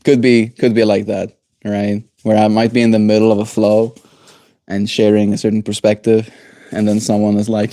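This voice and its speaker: Low, mellow-voiced male streamer. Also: moderate pace, dry recording. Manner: relaxed, rambling, chuckling. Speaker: livestream host. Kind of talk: casual chat.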